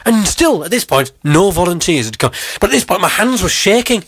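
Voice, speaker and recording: A man hosting a comedy podcast, telling a story about himself in an animated, self-mocking way. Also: sits high, a little fast, breathy edge. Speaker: podcast host. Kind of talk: comic storytelling.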